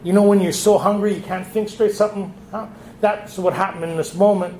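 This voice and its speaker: Man at a recovery retreat, high voice, echoey room with faint hiss; tells his story and acts out the dialogue. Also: fairly even intonation, fairly quick, a little mellow. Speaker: retreat speaker. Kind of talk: recovery meeting share. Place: meeting hall.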